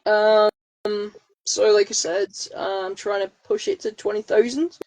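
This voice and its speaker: A woman's voice: mid-range voice, flat delivery, measured pace, darkish tone, poor audio. A woman guest chatting casually on a podcast, hesitant with many fillers, getting over a cold. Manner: hesitant, lots of ums. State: has a cold. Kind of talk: casual chat.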